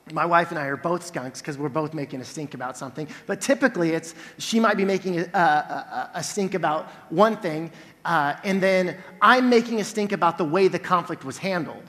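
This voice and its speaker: A man in his forties preaching a sermon, telling a family story with lively acted-out scenes. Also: fairly high pitch. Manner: animated storyteller, acts out scenes loudly. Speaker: pastor. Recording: long hall reverb.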